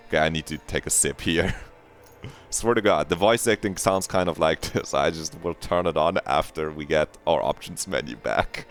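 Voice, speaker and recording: A man streaming a game, talking casually, excitable and swearing often while he laughs at himself. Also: a bass voice, normal speed, faint music behind.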